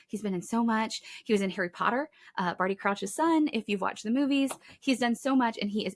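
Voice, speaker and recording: A woman's voice: medium pitch, a bit bright. A middle-aged woman hosting a children's ministry podcast, chatting casually and with enthusiasm as she recommends favorite products, full of asides and fillers. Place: home, in Kentucky.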